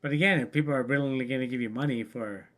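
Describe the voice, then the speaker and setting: A man's voice: medium pitch, fast, a bit bright. A man co-hosting a casual online news chat over a remote call, loose and full of fillers. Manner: loose, filler-heavy, laughs often. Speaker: podcast co-host.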